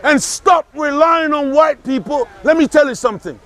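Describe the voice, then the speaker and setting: A man giving an impassioned political talk, forceful and emphatic, repeating key phrases and rising to shouts. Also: very high-pitched, moderate pace. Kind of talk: impassioned speech.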